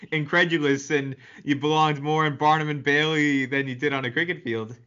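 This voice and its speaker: Male host, bright forceful tone, long winding questions, dull lo-fi sound. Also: a little high, fairly even intonation, brisk. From New Jersey. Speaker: podcast host. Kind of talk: interview questions. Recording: dull lo-fi audio.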